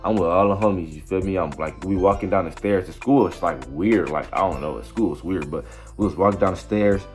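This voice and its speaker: A young man tells a story in a loose, rambling way, leaning on slang and checking in with "you feel me" again and again. His voice sits on the low side, with faint music playing underneath. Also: fairly quick. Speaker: vlogger. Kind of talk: casual storytelling.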